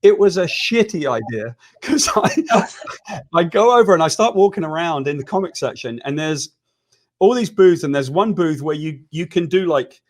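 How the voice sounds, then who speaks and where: A British man spins an anecdote in a casual chat, his voice sitting a little high for a man. He is animated and self-deprecating, and he slips into the voices of the people in his story. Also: normal speed. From Britain. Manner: animated, self-deprecating storyteller who acts out quoted lines. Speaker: co-host.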